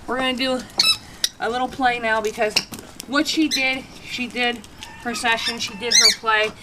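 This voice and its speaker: A woman vlogging a casual dog training demonstration, chatty, breaking into high sing-song praise for her dogs. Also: steady tone, moderate pace, very noisy.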